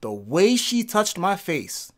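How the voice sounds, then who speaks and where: A young man hosting a podcast, telling a story in a casual, slangy, excitable way and repeating himself for emphasis. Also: high voice, slow pace. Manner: animated, slangy and excitable, with repetitions. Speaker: podcast host.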